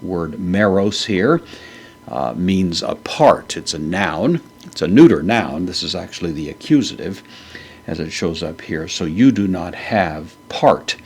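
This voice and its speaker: A man giving a methodical verse-by-verse grammar lesson, pausing often with "uh" fillers. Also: low voice, lively intonation, a little mellow. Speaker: Greek New Testament teacher.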